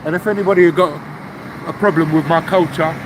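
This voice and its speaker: A man with a Cockney accent from London, ranting loudly and aggressively, swearing and firing off repeated rhetorical questions into a camera. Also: a little high, steady tone, brisk, background noise. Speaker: vlogger. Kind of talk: angry ranting monologue. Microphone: handheld camera.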